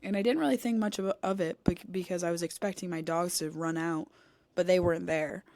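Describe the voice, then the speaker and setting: With a lowish voice running a little fast, a young woman co-hosting a podcast narrates a story in casual talk. She animatedly acts out the dialogue and cusses, captured on a studio podcast mic.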